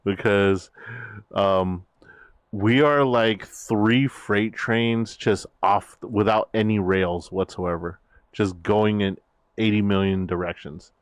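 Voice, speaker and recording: Low, slow-talking male streamer. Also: steady tone, smooth, dry recording, studio quality. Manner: rambling, many fillers and restarts. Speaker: VTuber streamer. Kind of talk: casual stream chat.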